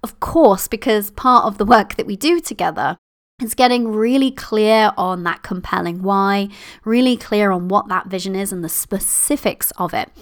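A woman hosting her own podcast, bubbly and playful, going sing-songy when she gets excited. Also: medium pitch, normal speed. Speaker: podcast host and success coach. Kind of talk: solo podcast talk.

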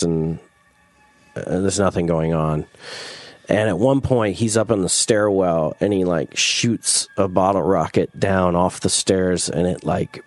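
A man's voice: sits low, a little mellow, no echo. A man casually telling a long personal story in an interview, swearing freely and filling his speech with "like". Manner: rambling, profane, fillers like "like", laughs often. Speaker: interview guest.

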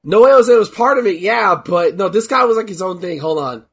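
A man co-hosting a casual chat, excitable and swearing freely, his voice cracking from being sick. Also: high-pitched, fairly quick, gravelly, husky. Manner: excitable, swears, laughs often. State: voice cracking from illness. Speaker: podcast co-host.

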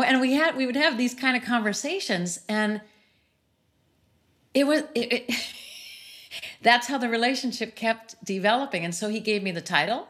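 Her voice sits on the high side and is a bit bright, moving at normal speed with long pauses. This middle-aged sound healer, who hosts an interview series, is a guest talking earnestly and reflectively about grief, often saying "you know."

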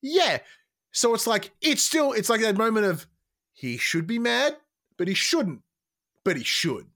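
Podcast host: man, higher register, excitable and animated, swears freely, frequent restarts. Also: a little slow. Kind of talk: casual podcast chat.

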